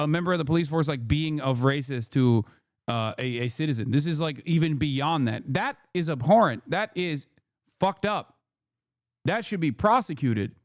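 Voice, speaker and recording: A man's voice: on the high side, no room sound. Heated, profane streamer man, dry sound. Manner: heated, profane, emphatic and repetitive. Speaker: streamer host. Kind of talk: political commentary stream.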